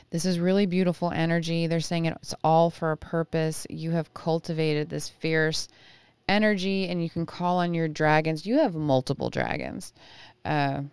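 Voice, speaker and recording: A woman's voice: sits low, a little mellow, clear, resonant tone, no echo. A woman giving a casual intuitive tarot reading, chatty and often searching for words. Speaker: tarot reader.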